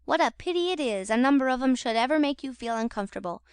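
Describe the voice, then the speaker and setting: A woman's voice: high voice, expressive, quick pace, smooth, dry recording. A woman voicing a drunken, lazy, cowardly young man who whines and blubbers. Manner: whining, blubbering.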